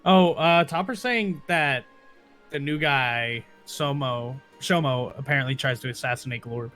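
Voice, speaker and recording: A woman's voice: rumbling low, measured pace, fairly bright tone, faint music behind. A woman co-hosting a game livestream, making wry, teasing remarks. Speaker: stream co-host player. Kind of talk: casual livestream chat.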